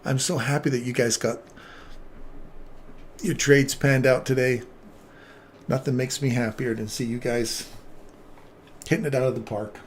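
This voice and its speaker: A man's voice: mid-range voice, steady tone, measured pace, long pauses, slight background noise. A man hosting a live trading stream, chatting casually and joking with viewers by name.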